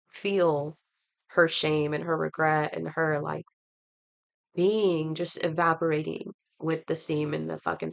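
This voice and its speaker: A woman's voice: low voice, gravelly. A woman with a cold, rambling through a heartfelt story in casual chat while she does her makeup. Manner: rambling, heartfelt, lots of fillers. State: congested from a cold. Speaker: vlogger.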